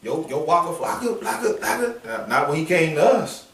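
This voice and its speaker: A man preaching on a downtown street in a forceful, confrontational, slangy manner, with call-and-response from listeners. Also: fairly high pitch, big pitch swings, normal speed. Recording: echoey street sound from a distance.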